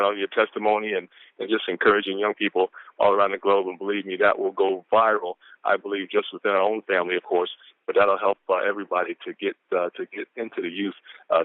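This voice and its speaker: A man's voice: fairly low pitch, no room sound. A man calling in to a motivational conference call, exuberant and preachy, whooping and repeating lines. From Atlanta, Georgia. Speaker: caller reading quotes of the day. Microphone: phone. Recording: phone line.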